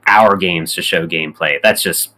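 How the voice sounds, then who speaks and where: A man's voice: low voice, moderate pace, bright, forceful tone. A man co-hosting a casual podcast chat, blunt and casually swearing. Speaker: podcast co-host.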